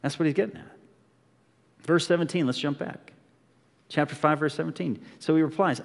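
A man's voice: fairly high pitch, steady tone, normal speed, vocal fry, long pauses. A man preaching a conversational, earnest sermon as a pastor, often asking the congregation rhetorical questions. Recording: long hall reverb.

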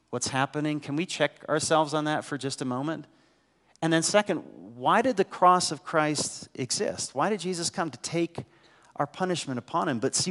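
A man's voice: a little high, a bit bright, in a large hall. A man preaching a sermon with a head cold, talking conversationally and asking the congregation rhetorical questions. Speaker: pastor. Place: church sanctuary.

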